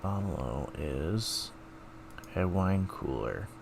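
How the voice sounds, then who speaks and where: Slow-talking man streaming casually. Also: low voice, lively intonation, gravelly, background noise. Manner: self-mocking, thinking aloud while taking online quizzes. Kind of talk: casual live-stream chat.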